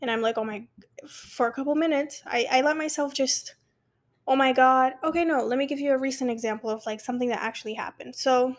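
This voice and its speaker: A young woman telling a personal story and giving advice in a chatty, animated way, often restarting her sentences. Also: sits high, fast talker. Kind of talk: casual personal advice talk.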